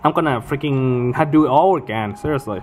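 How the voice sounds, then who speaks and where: A man's voice: mid-range voice, fast, background noise. A man giving casual commentary while he plays a video game, often exasperated, swearing and exclaiming at the game. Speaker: let's play gamer.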